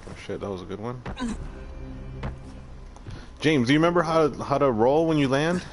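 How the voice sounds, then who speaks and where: A man's voice: medium pitch, lively intonation, moderate pace, music in the background. A man live-streaming a game, chatting casually with viewers, swearing freely and talking to himself as he plays. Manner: chatty, profane, talks to chat while playing. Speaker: streamer playing a game and reading chat.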